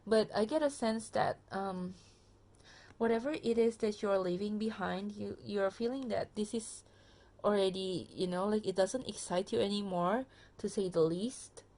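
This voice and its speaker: A tired woman gives a relaxed pick-a-card tarot reading straight to her viewers. Her voice has a gravelly fry and sits at an ordinary middle pitch. She speaks loosely into her phone camera, full of ums and restarts. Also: a little slow. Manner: chatty, many fillers and restarts, addresses viewer directly. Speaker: tarot reader.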